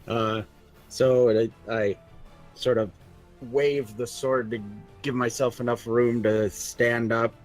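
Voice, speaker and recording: A man playing a tabletop game, describing his character's moves in a hesitant, halting way. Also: medium pitch, little pitch movement, faint music behind. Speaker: player.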